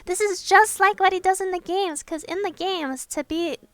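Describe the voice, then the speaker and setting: A young woman chatting casually in a voiceover, an excitable fan gushing about a film, swearing now and then. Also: very high-pitched, normal speed, dry recording. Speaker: artist narrating a speedpaint. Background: soft background music.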